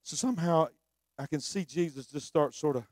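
A man preaching a sermon, shouting fervently at times and dropping to hushed storytelling. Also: on the high side, normal speed, dry recording.

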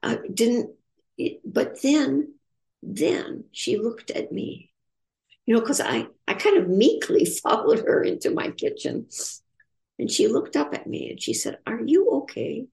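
An older woman tells a personal story with an earnest, reflective tone. Her voice is gravelly with a touch of vocal fry. She often pauses and restarts, and her pitch rises and falls in a lively way. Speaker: author in recovery sharing her story.

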